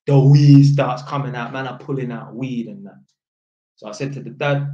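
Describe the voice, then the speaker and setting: A man telling a story in a casual, animated way, full of street slang and tag questions. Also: mid-range voice, normal speed. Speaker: vlogger. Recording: echoey room, dull lo-fi sound.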